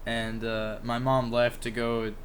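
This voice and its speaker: A man's voice: medium pitch, flat delivery, takes it slowly. Rambling young man, faint hiss. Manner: rambling, many fillers and restarts, swears freely. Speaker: podcast co-host. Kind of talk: casual chat.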